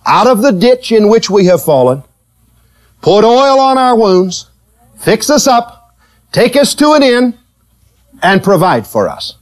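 Male preacher, sermon; slow, deliberate, emphatic, quizzes the congregation. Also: high-pitched. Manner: animated, teasing, asks the congregation questions; slow, emphatic delivery with big rises and drops.

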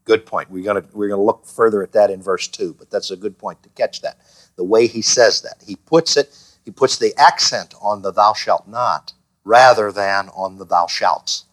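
A man leading a Bible study class, putting questions to the group and acting out the lines he quotes. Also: lowish voice. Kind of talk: teaching a small class.

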